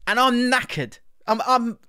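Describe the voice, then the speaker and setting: A middle-aged man with a London accent, co-hosting a casual football chat, self-mocking and quick to laugh at his own stories. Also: very high voice, lively intonation, bright, forceful tone, no room sound, studio quality. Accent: London English. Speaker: podcast co-host.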